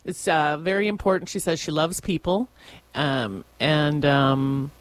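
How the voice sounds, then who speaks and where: A woman co-hosting a radio show, relaxed, summarizing a story with plenty of fillers and soft hums. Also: low-pitched, a little slow. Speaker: radio co-host. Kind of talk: casual radio chat. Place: radio studio. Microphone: studio microphone.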